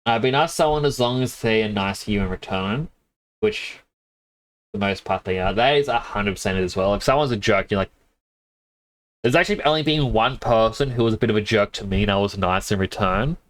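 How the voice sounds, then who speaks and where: A man streaming a game, sniffling a little and telling rambling stories with quick laughs into a desk mic. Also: lowish voice. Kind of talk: casual chat while gaming.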